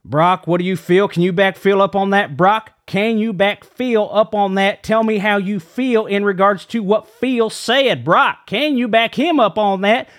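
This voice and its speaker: A man playing a high, fervent rambling reverend. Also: a little slow, hardly any pauses, a bit bright. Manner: says "Lord" after nearly every phrase, trips over his words. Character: excitable rambling male reverend. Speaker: guest preacher character. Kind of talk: comedic mock prayer. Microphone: studio dynamic mic.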